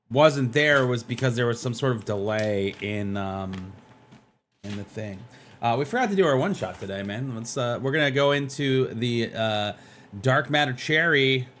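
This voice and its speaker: Excitable man streaming a game. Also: mid-range voice. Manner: excitable, hypes with constant "dude" and "man". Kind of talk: live gameplay stream commentary.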